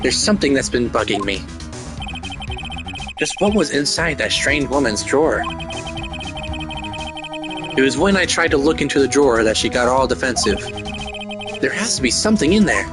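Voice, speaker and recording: A man's voice: mid-range voice, expressive, normal speed, pauses often, lightly acted. A man voicing an earnest, determined young male defense lawyer in inner monologue, over game music. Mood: curious. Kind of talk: voice acting a game playthrough.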